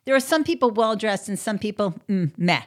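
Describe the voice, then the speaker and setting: Brief: woman vlogger, mid-pitched, chatty gossip story, blunt and salty, lots of "you know.". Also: expressive, brisk. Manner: chatty, blunt, swears freely, many fillers. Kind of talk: casual storytelling monologue.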